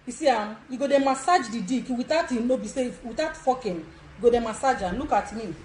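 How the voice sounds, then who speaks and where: A woman's voice: on the high side, brisk, darkish tone, a little hiss or hum. Bold, laughing Nigerian woman in her sixties. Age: 60s. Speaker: live video host. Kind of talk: social media live demonstration. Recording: echoey room.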